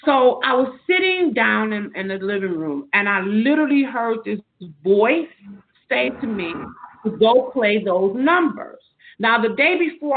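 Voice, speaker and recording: A woman with a fairly high voice tells earnest, spiritual personal stories as a podcast guest, rambling through long, loose anecdotes. Her voice comes through narrow and tinny, like a phone line. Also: sing-song, moderate pace. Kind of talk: personal storytelling in an interview.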